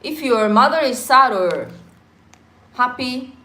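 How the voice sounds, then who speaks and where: A woman's voice: high-pitched, animated, slow, pushed and bright. Woman, reflective, roomy echo. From Korea. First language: Korean. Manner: reflective, earnest, mixes in pidgin phrases. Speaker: livestream co-host. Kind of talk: casual live chat. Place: home during a power cut.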